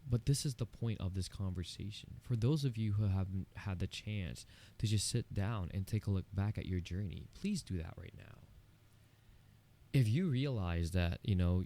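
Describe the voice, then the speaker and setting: Earnest man with a warm, low voice. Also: moderate pace. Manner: earnest, candid and encouraging, with frequent "you know" asides. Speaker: podcast host. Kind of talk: solo podcast monologue.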